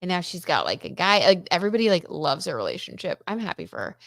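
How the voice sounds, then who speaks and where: A woman's voice: lowish voice, sing-song, quick pace, vocal fry, a bit bright, no echo, studio quality. A woman hosting a tarot gossip livestream, chatting casually and reading out viewer comments, with lots of fillers like "like" and "um". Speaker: tarot reader and livestream host.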